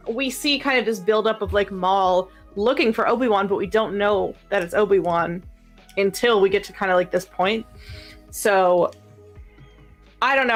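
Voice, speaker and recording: A woman co-hosting a casual podcast discussion, talking enthusiastically with lots of fillers. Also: medium pitch. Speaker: podcast co-host.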